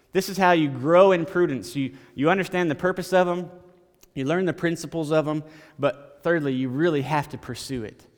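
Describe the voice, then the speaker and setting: A man's voice: on the high side, in a large hall. A man preaching a sermon as pastor, in a conversational style, repeating phrases and stammering now and then.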